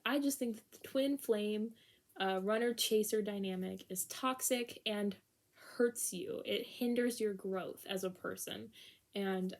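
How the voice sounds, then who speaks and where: A woman's voice: medium pitch, a little mellow, slight background noise. A young woman giving a casual tarot reading, candid and exasperated, laughing often and swearing freely. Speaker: tarot reader.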